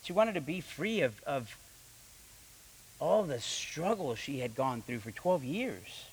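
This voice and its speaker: A young pastor preaches a sermon with animated delivery, reading scripture, acting out the quoted voices and often repeating his words. His voice is fairly high, slow and husky, captured on a rough recording.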